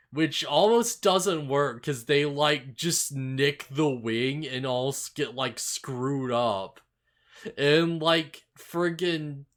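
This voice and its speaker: A man talking at an easy, slow pace on a podcast about an anime episode. He rambles with lots of fillers and laughs at his own jokes. His voice sits at a middling pitch. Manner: laughs often, filler-heavy, animated retelling. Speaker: podcast co-host. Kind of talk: casual anime recap chat.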